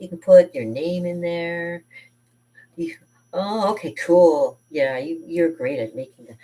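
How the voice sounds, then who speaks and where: A woman's voice: lowish voice, darkish tone. Enthusiastic woman showing off kids' paintings, lots of um and like, kinda far from the mic. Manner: chatty and enthusiastic, with many fillers and self-corrections. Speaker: art teacher showing kids' painting projects. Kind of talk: casual chat.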